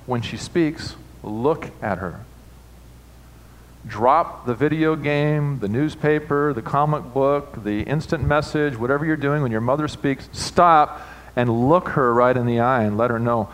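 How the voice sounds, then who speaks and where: A man preaching as a pastor, moving from quiet reflection to emphatic, rising passages with playful asides. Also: mid-range voice, low-quality recording. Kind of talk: sermon. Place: church sanctuary.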